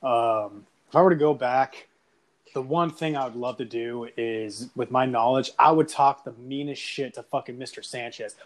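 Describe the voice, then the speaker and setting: A young man casually telling a profane high school story, animated and swearing, often laughing through his lines. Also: normal speed. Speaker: podcast guest telling a story.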